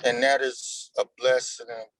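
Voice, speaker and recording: A man's voice: medium pitch, little pitch movement, moderate pace, fairly bright tone, poor audio. A man in his forties, an actor being interviewed, talking in a loose, slangy and emphatic way. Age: 40s. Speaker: actor guest. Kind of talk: casual interview chat.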